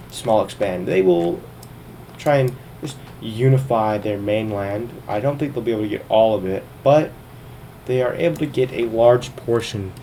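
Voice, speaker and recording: A man's voice: on the low side, darkish tone, slight background noise. A man casually commenting on a strategy game, thinking aloud as he narrates each turn, sometimes a little out of breath. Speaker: gaming video host.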